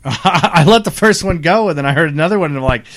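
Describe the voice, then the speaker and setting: Man, fairly high voice, lively pitch, hesitant, laughs a lot, casual podcast chat. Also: fast.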